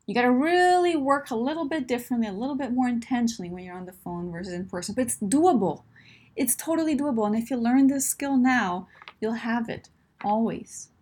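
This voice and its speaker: A woman's voice: on the high side, animated, a little fast, a little mellow. A woman coaching listeners in a direct advice talk, emphatic and encouraging, often checking in with "right?" and "my friend".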